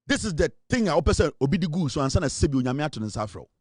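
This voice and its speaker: A Ghanaian-accented man delivers fired-up political commentary, swinging between Twi and English. His pitch sits a touch high and leaps around a lot, and the sound is close and dry with no room echo. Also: very animated, very fast, darkish tone, slightly rough. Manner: impassioned, mixing Twi and English, rising to exclaiming.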